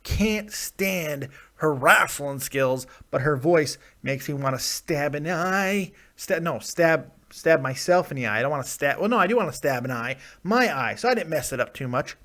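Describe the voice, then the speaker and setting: A man's voice: fairly high pitch, lively intonation, normal speed, few pauses, a bit bright. A man hosting a wrestling preview stream, rambling and joking as he talks straight to his viewers. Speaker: wrestling vlogger. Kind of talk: casual live-stream commentary.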